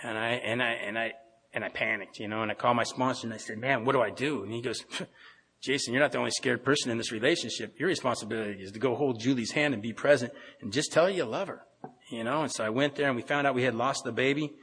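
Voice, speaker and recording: A middle-aged man speaks quickly and plainly, telling his own story to a meeting and often restarting his sentences. His voice sits at an ordinary pitch. It carries a long reverb from the meeting hall. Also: fairly bright tone, slightly rough. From Pacific Northwest of the US. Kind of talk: personal recovery story told to a meeting.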